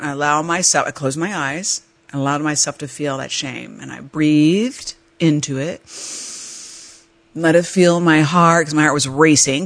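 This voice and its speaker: A podcast host shares a personal story, chatty and animated, laughing as she goes. When reenacting her own panic, she leaps into high-pitched voices.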